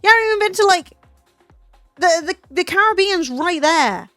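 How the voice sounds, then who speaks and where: A woman's voice: very high voice, lively intonation, moderate pace, a bit bright, dry recording. A British woman streamer chatting casually, teasing and incredulous, swearing freely. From Britain. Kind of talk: casual chat with a guest. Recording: dry close mic, faint music behind.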